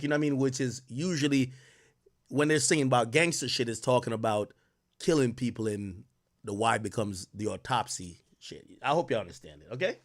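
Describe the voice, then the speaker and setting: A man's voice: medium pitch, a bit bright. A young man from Jamaica hosting a casual commentary stream, explaining with lots of restarts and laughing often. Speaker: host.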